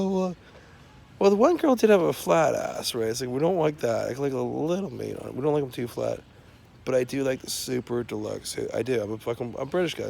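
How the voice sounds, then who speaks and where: Gravelly man in a rambling rant. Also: mid-range voice, a little mellow, slight background noise. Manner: profane, filler-heavy, rambling. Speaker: self-described scientist.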